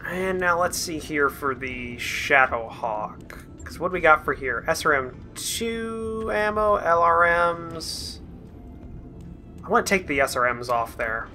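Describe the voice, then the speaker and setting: A man hosting a let's play, thinking aloud in relaxed, chatty gameplay commentary. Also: fairly high pitch, slow, faint music behind.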